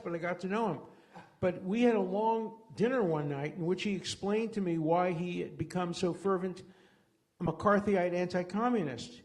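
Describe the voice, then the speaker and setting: This is an older man addressing a community center audience as a guest speaker. His voice sits slightly high for a man. He talks with fervent conviction, rambling between anecdotes and often restarting his sentences. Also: a little mellow. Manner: impassioned, digressive storyteller, frequent restarts. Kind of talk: public lecture with Q&A moderators.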